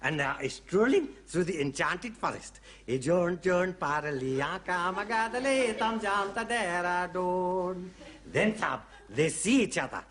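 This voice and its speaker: An actor playing a chatty, eager older Indian bearer who speaks theatrical broken English with an Indian accent, in 1970s sitcom style. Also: male voice, on the high side, very animated, moderate pace, hardly any pauses, fairly bright tone.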